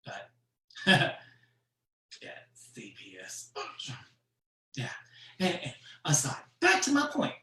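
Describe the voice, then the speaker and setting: A comedian tells stories at an unhurried, drawn-out pace, in a bright, forward voice, and laughs often at the stories. The voice sits back from the mic in a roomy, echoing space, like a home setup for an online show. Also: medium pitch, distant mic. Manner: slow, animated storytelling with frequent laughs. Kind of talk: stand-up storytelling on a virtual show. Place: room at home for a virtual show. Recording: echoey room, off-mic.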